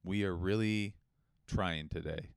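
A man's voice: low-pitched, a little slow, vocal fry, clean tone, no echo, clean studio sound. A young man co-hosting a podcast in casual comedic chat, joking and slipping into silly voices. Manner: jokey, slips into silly put-on voices. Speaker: podcast co-host.

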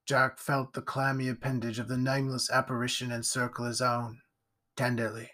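A man narrating a horror story in a slow, deliberate storytelling manner. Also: medium pitch, flat delivery, sharp tone.

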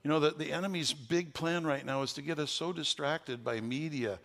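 Gravelly older male pastor preaching. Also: fairly high pitch, normal speed, a bit bright, big-room sound. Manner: folksy storytelling, rising to fervent preaching. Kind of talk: sermon.

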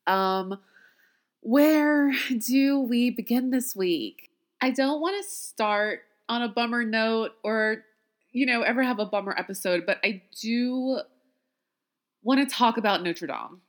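A woman's voice: lowish voice, fairly bright tone. A woman hosting a podcast in casual chat, talking freely with self-deprecating asides and frequent laughs. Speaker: podcast host.

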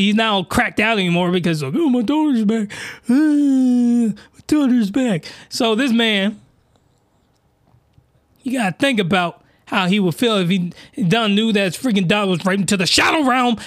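A man hosting a podcast, delivering an excitable, slangy, rambling comedic rant full of mockery. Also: high voice, no echo, studio quality. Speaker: podcast host reviewing anime.

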